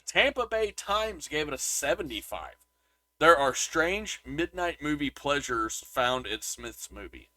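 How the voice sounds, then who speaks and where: Man, podcast co-host, bright voice, rambling casual movie chat, reads review scores aloud. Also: a little high, sing-song, unhurried, no room sound.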